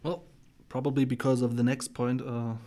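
A man speaks as a guest in a casual interview. His voice is mellow and flat, with little rise and fall. He answers in a relaxed, hesitant way, full of fillers. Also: mid-range voice, moderate pace. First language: German. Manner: relaxed, hesitant, many fillers and soft laughs. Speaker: guest, English learner.

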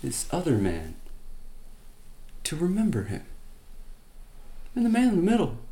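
A man's voice: on the high side, huge pitch swings, measured pace, warm tone. A man teaching from the Bible by retelling it as a story, with conversational asides and emphatic quoted lines.

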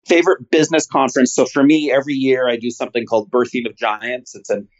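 A man's voice: mid-range voice, quick pace. Earnest male guest on dull audio. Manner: earnest, animated storyteller. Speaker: guest, company founder. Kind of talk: casual interview chat. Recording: slightly dull lo-fi sound.

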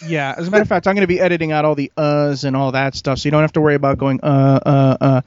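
A man's voice: on the high side, fairly even intonation, quick pace, a little mellow, smooth, no echo, lo-fi sound. A man hosting a casual gaming podcast who keeps joking, teasing his co-hosts and laughing. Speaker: podcast host.

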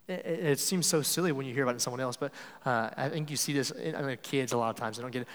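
A man's voice: mid-range voice, racing, big-room sound. A man preaching a sermon in a conversational way, often acting out the lines he quotes.

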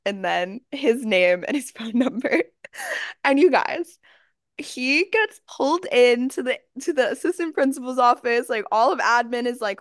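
A woman in her twenties co-hosting a podcast, telling a story in an animated way with fillers and laughs. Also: on the high side, moderate pace, no room sound, studio quality. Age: 20s. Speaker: podcast co-host. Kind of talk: casual chat.

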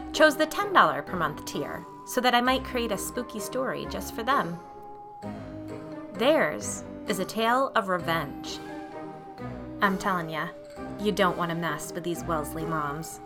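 A woman podcast host narrating a spooky story in a measured, wry storytelling manner. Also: mid-range voice.

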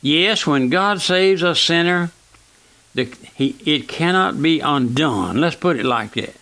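A man preaching a sermon on the radio in a plain, folksy, earnest manner, often calling out to his listeners as friends and slowing down for scripture. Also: on the high side, expressive, pushed and bright, no room sound. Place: church auditorium.

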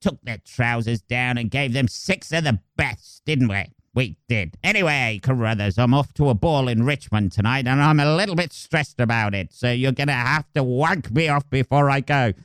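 A man's voice: mid-range voice, expressive, normal speed, hardly any pauses, fairly bright tone, clean tone, no room sound, lightly acted. A man voicing a pompous, posh old army general from a war film. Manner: pompous, plummy.

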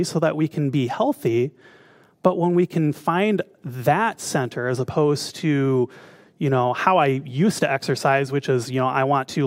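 A man with a slightly high voice gives a relaxed spiritual talk as a minister. He often turns to his listeners with questions. The sound is dry and close, with no room echo. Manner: conversational, asks the audience questions.

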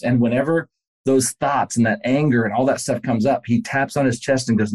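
A man's voice: mid-range voice, steady tone, brisk. A man, a pastor and podcast guest, telling a story in casual conversation and speaking earnestly and directly to the listener.

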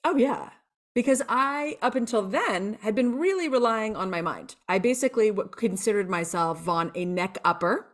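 Animated woman telling candid stories. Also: medium pitch, moderate pace. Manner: lively and expressive, acts out her own past lines. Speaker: podcast guest and coach. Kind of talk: candid storytelling interview chat.

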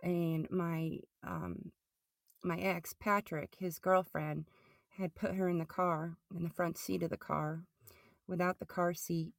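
Middle-aged woman, podcast guest, personal testimony, halting and repeating herself, gravelly low voice. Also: little pitch movement, no room sound, clean studio sound. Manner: halting, restarts and repeats words.

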